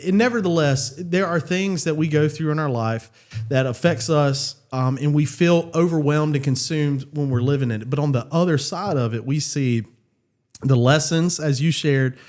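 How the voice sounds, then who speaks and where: A man's voice: on the high side, a little mellow. A man, a church youth leader, telling a story casually and animatedly, with frequent fillers and laughter.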